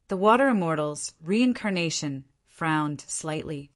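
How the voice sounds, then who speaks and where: A woman narrating a fantasy audiobook in a steady, even reading voice. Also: lowish voice, unhurried. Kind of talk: scripted narration.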